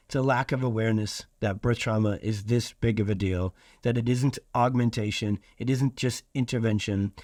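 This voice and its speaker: A man's voice: medium pitch, a little mellow, no echo, clean studio sound. A man from Iowa hosting a solo podcast, talking earnestly and stressing points by repeating phrases. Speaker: podcast host.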